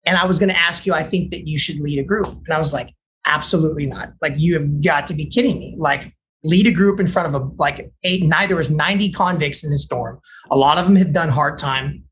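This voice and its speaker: A man from Texas, an addiction counselor, telling his recovery story in an animated way, acting out other people's lines with lots of "like" and restarts. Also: on the high side, a little fast. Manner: fillers like "like" and repeated restarts.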